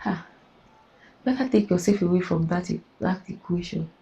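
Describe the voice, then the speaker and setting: A woman's voice: lowish voice, normal speed, gravelly, dark tone, highs cut off. A woman hosting a channel, earnestly warning women in an advice commentary. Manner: earnest, warning, laughs between phrases. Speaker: host commenting on the story.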